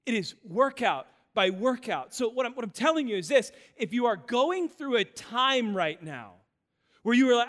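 A man in his thirties preaching a sermon in a church auditorium, telling stories in an animated way with self-deprecating humor. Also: very high voice, normal speed, big-room sound. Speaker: pastor.

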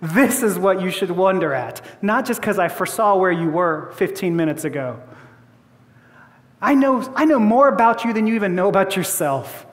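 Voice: mid-range voice, lively intonation, moderate pace, in a large hall. A pastor giving a sermon in a church, conversational and laughing often, with frequent repeated words.

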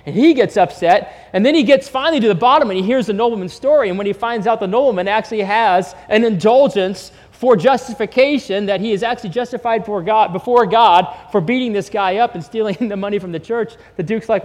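High-voiced pastor preaching in a reverberant hall. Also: male voice, a little fast, hardly any pauses. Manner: conversational storytelling with rhetorical questions. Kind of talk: sermon.

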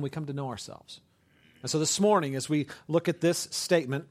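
A man preaching a sermon in a conversational, humorous way, often checking in with "right?" and breaking into quick asides. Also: medium pitch. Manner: hushed, slow prayer. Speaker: pastor.

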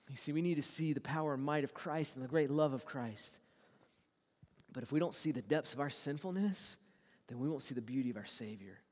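A man preaching a sermon in a high, bright register. He moves between near-shouted lines and quiet, close asides. The hall adds a long reverb tail. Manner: animated, swings between loud acted quotes and hushed intimate asides. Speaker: pastor.

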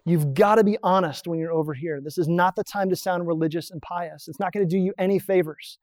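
Speaking briskly in a middle register, a pastor explains a diagram he has drawn, asking rhetorical questions and answering them in a plain teaching style. The sermon feels relaxed and conversational, and the close, dry recording has no echo.

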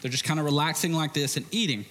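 Pastor preaching in a reverberant hall. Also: male voice, on the high side, fast talker, sharp tone, slight background noise. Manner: conversational, joking asides. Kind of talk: sermon.

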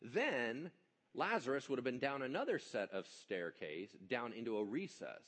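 A man preaching a sermon, telling the story with animated energy and joking asides. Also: medium pitch. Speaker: pastor.

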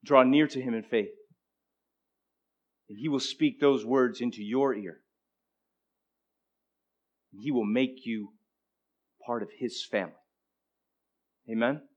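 A man preaching a sermon, moving between emphatic declarations and hushed, conversational asides to the congregation. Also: mid-range voice, slow, pauses often, highs cut off. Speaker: pastor.

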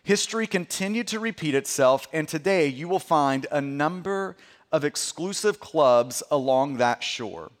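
A man with a high voice delivers a sermon from the pulpit. He speaks earnestly and often doubles words when stressing a point. Long reverb from the church hall trails each phrase. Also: animated, measured pace. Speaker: pastor.

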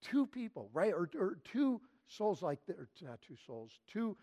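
A male pastor preaching a sermon, emphatic and repetitive, leaning hard on key phrases with slow stress. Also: sits high, sing-song, mellow.

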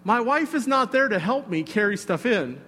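Man, pastor, sermon, chatty storytelling, slightly high voice, long hall reverb. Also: moderate pace, slight background noise. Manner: conversational and animated, with fillers and asides to the congregation.

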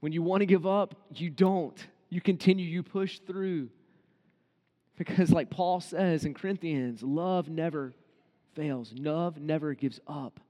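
A man's voice: on the high side, measured pace, dark tone. A man preaching a conversational sermon as pastor, acting out quoted inner voices. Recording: long hall reverb.

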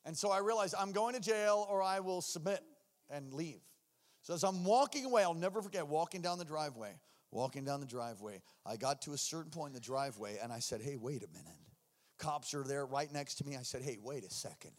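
A man preaching a sermon, telling his story with acted-out voices and shouts. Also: on the high side, brisk. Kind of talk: sermon testimony.

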